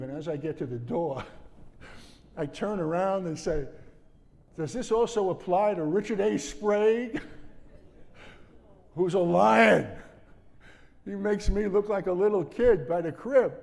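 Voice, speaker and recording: Older male ex-prosecutor guest, a touch high-voiced, wandering anecdotes in a reverberant room. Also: dark tone. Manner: digressive, restarts sentences, acts out quoted dialogue. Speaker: interview guest, former prosecutor. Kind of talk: rambling storytelling interview.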